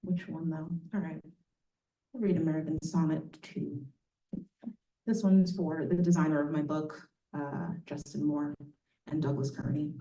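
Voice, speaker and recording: A woman poet reading her verse aloud with a deliberate rhythm, dropping in relaxed, laughing asides between poems. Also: low voice. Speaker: poet reading from a new book. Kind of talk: poetry reading with casual asides. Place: bookstore event space, indoors. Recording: echoey room from a distance.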